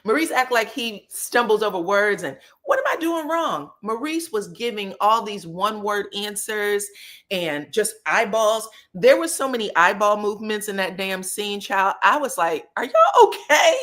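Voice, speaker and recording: A woman's voice: medium pitch, moderate pace. A woman hosting a casual live stream, recapping a reality show with sassy, profane commentary and talking to her chat. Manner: animated, sassy, profane, quotes people in put-on voices.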